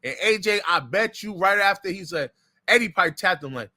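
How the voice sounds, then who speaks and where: A man's voice: sits high, expressive, a little fast, pushed and bright, no room sound. A man co-hosting a boxing podcast, telling a story with animation and acting out the quotes. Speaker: podcast co-host. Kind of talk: casual boxing chat.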